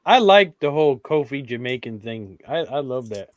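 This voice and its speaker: A man chiming into a casual online chat, chatty and quick with opinions. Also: medium pitch, expressive.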